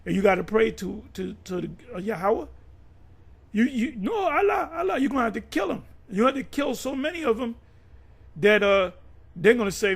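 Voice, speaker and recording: Combative high-voiced man preaching. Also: big pitch swings, normal speed, creaky, slightly rough. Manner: profane, combative, emphatic; repeats and restarts words. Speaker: religious teacher. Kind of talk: preaching rant.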